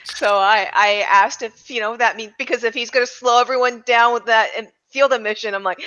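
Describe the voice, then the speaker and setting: A woman's voice: fairly high pitch, steady tone, fairly quick, pushed and bright, dull audio. A woman serving as game master, chatting casually and laughing on a tabletop game podcast.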